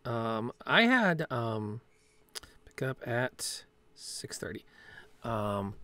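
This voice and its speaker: Lively, gravelly-voiced man hosting a chat. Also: medium pitch, no room sound. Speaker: podcast host and game master. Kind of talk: casual chat about gaming.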